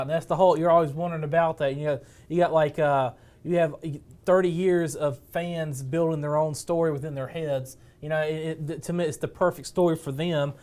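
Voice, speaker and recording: A man co-hosting a casual movie podcast, jokey and animated, rambling through his points. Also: on the high side, a little fast. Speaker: co-host.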